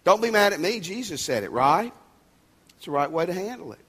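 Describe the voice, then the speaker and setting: A man's voice: high voice, sing-song, brisk, a bit bright, slightly rough. A male pastor giving a sermon, conversational and emphatic, with folksy asides and jokes.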